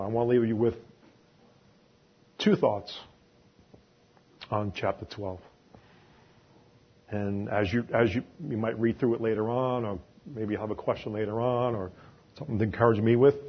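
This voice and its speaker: A man's voice: lowish voice, slightly rough, dull audio. A man from New York with a New York accent, giving an informal, chatty sermon full of homely examples and asides. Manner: chatty and conversational, with self-deprecating asides and laughs. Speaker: lay preacher.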